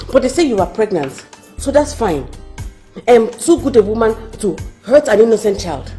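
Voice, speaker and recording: A proud wife with a Nigerian accent who speaks in a mellow, measured voice. She is firm and defiant, and she does not back down. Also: medium pitch. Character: proud defiant wife refusing to serve her rival. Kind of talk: Nollywood film acting.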